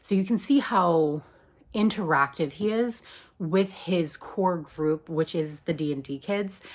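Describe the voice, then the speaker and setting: Chatty woman with a low voice. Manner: chatty, many ums and likes, swears casually. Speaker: commentator. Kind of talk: casual video commentary.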